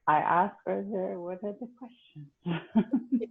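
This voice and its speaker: Gravelly woman on a tinny call. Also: medium pitch, takes it slowly. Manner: earnest and reflective. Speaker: doctoral candidate. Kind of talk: presenting a dissertation defense. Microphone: video call. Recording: tinny video call line.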